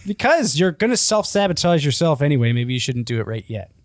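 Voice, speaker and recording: A man's voice: on the high side, sing-song, fairly quick, no room sound, studio quality. A man co-hosting a podcast, chatting casually, teasing and joking with some swearing. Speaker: podcast co-host.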